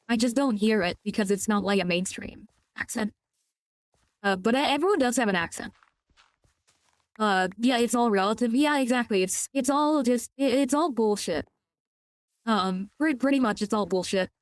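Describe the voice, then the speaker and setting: A woman's voice: fairly high pitch, moderate pace, no echo. A young woman with a Californian accent, chatting casually on a gaming stream, rambling with many restarts and casual swearing. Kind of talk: casual live-stream chat while gaming.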